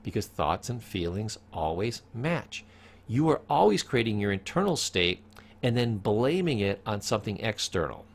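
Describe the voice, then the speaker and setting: A man's voice: on the low side, sing-song, normal speed, vocal fry. A man teaching a recorded psychology course, who speaks emphatically, repeats his key points and asks the listener questions.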